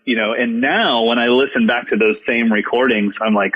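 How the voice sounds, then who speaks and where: A man's voice: mid-range voice, steady tone, normal speed, lo-fi sound. A man, a drum educator, talking as a podcast guest in an earnest, reflective, self-deprecating way. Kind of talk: casual storytelling conversation.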